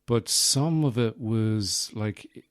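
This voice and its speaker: A man hosting his own podcast, rambling through a deadpan comic monologue full of mock bragging and fillers. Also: lowish voice, drawn-out words, dry recording, studio quality. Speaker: podcast host, comedian.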